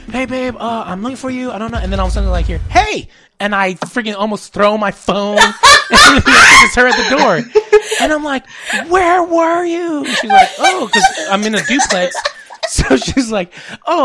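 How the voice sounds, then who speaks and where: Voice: mid-range voice, gravelly. A podcast host telling a story in casual chat, laughing often and acting out what they said. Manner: animated, laughs often, acts out quotes.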